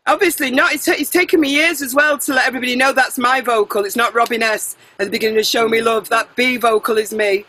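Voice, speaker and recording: A middle-aged woman singer being interviewed, chatty and animated, jumping between tangents and correcting herself. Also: a little high, fast talker, hardly any pauses, a crowd in the background, rough recording. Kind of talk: casual interview chat.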